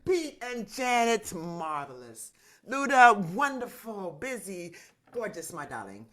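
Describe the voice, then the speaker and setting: A woman's voice: medium pitch, very animated, unhurried, fairly bright tone. A woman signing off a video call, showering people with "darling" and "marvelous" in an effusive way. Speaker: guest singer. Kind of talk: warm sign-off chat on a video call.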